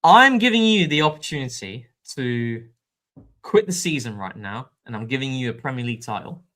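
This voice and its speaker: Excitable man on a live stream. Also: mid-range voice, normal speed. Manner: animated, excitable, laughs often. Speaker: co-host of a football fan show. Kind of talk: casual live-stream chat.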